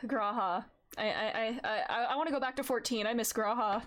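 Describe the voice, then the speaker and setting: A woman's voice: fairly high pitch, normal speed. A woman streamer giving casual, giggly commentary while she plays a game, recorded at a desk microphone in her home setup. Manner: giggly, animated.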